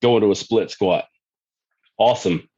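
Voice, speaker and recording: A low-pitched man talks bluntly and emphatically, peppering his speech with profanity. His recording sounds dull and slightly lo-fi. He speaks as a guest coach in a casual podcast chat. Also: moderate pace, warm tone, breathy edge.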